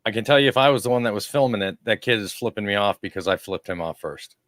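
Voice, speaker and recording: A man's voice: lowish voice, fast, no room sound, studio quality. A man co-hosting a podcast, telling crude stories in casual chat and acting out the people in them. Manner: crude, animated storytelling with put-on voices. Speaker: podcast co-host.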